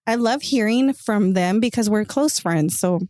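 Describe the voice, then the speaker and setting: A woman hosts a relaxed conversation with an animated, storytelling manner. Her voice sits at a middle pitch for a woman. The sound is dry and close, with no room echo. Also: a little slow. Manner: animated storyteller, acts out friends' quotes. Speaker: host. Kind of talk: casual conversational chat.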